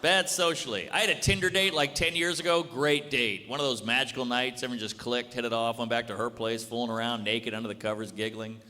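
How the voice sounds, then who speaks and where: A man doing stand-up comedy, brash and deadpan, acting out quick back-and-forth exchanges on stage. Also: medium pitch. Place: comedy club stage before a live audience. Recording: live club recording with reverb and crowd.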